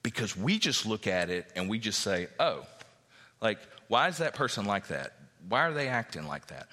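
A man preaching a sermon, reading scripture aloud and acting out what the characters say in an animated way. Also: fairly low pitch, moderate pace, big-room sound. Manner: animated, acts out biblical characters' speech.

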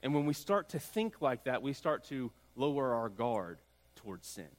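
A man's voice: mid-range voice, very animated, normal speed. A man preaching a sermon as pastor, building emphasis through repeated phrases. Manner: preaching with rising emphatic repetition. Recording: long hall reverb.

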